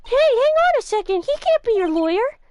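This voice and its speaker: A woman voicing an excitable young woman sidekick in a game, talking high, loud and indignant. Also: fairly quick, a little hiss or hum.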